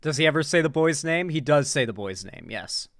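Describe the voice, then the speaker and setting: A woman's voice: sits low, expressive, fairly quick, no echo, studio quality. A woman hosting a casual livestream, joking, rambling and swearing freely as she talks to her chat. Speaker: streamer host.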